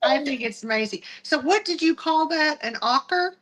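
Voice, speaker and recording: Southern us woman, quick chatty talker, says y'all, fairly high voice. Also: expressive, fairly bright tone, poor audio. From southern United States. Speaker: guest. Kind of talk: casual live-stream chat.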